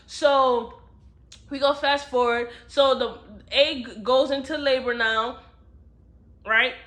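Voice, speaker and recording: A young woman reviews a book in a relaxed, chatty way, retelling the story with lively slang and asides. Her voice sits a little high and sounds bright and forward. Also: slow pace. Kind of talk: casual book review chat.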